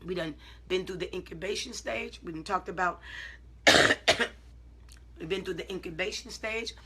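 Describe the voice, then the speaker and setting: A woman's voice: on the low side, a little hiss or hum. A woman preacher speaking informally to online viewers, telling stories emphatically and acting out her side of conversations. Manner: swings from calm self-talk to loud, drawn-out exclamations.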